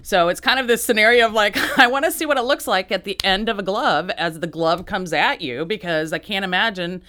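A woman artist answering interview questions, halting with many restarts and often laughing. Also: mid-range voice, pushed and bright. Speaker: artist, guest. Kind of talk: interview conversation.

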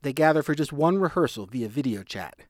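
A man reporting a news feature, reading a script in a clear, measured way. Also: on the high side, animated, dry recording, studio quality.

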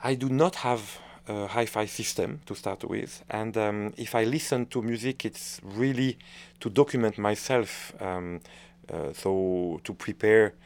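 A man's voice: lowish voice, a little slow, creaky, a little mellow. A middle-aged French man with a French accent, a conductor answering interview questions, hesitant and searching for words with frequent restarts. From France.

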